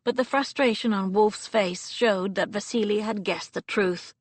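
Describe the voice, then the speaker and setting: A woman narrating an audiobook in an expressive, dramatic reading. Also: mid-range voice, moderate pace, no echo. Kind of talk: scripted narration. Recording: dry close studio recording.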